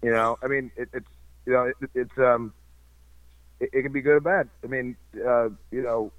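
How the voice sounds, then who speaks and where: A man in casual chat, talking haltingly with many fillers and restarts. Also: medium pitch, no room sound. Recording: dull, dry lo-fi recording.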